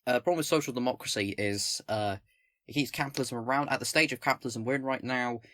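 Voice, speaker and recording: A man's voice: mid-range voice, a bit bright, dry recording. Rambling English man, dry close mic. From England, not the North. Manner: rambling, halting, many fillers and restarts. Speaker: political commentary host. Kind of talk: casual commentary with manifesto reading. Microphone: own microphone, close.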